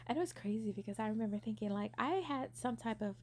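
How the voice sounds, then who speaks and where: A young woman casually telling a personal story, animated, acting out what people said and using many fillers. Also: a little high, quick pace, few pauses, a little hiss or hum.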